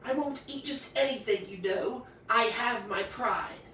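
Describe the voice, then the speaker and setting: A woman's voice: a little high, unhurried, fairly bright tone, recorded from a distance, slight background noise. A woman voicing a scrawny male wolf who is lazy, proud and politely haughty. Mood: languid, polite. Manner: drowsy, dry, politely haughty. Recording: echoey room, voice off-mic.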